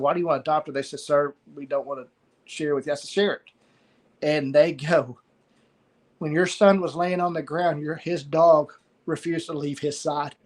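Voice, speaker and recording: A middle-aged man, telling a personal story of loss in a halting way, pausing and repeating words. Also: fairly high pitch. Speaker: guest sharing a story of loss.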